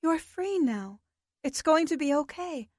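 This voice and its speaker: A woman voicing a patient young woman who speaks softly and soothingly. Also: high voice, lively intonation, measured pace, no echo, clean studio sound, pitched above the performer's own voice. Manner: soft and soothing.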